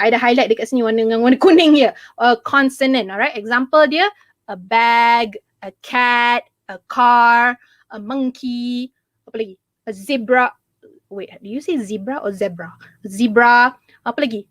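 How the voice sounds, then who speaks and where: Malaysian woman tutor, young, chatty, keeps asking "okay?"; high-pitched, dry close recording. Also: fairly bright tone, dry recording. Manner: chatty, often checks in with "okay?". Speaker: online English tutor. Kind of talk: live online lesson, mixing English with Malay.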